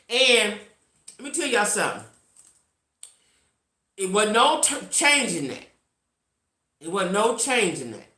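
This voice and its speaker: A woman's voice: medium pitch, bright, forceful tone, echoey room. A woman around sixty telling a blunt, salty story to her viewers, repeating lines for emphasis and reacting to live chat. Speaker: vlogger.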